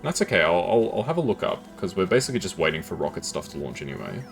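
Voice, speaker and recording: A man's voice: low-pitched, sing-song, quick pace, music in the background. A man casually commentating his gameplay on a live stream, chatty and self-deprecating, laughing often.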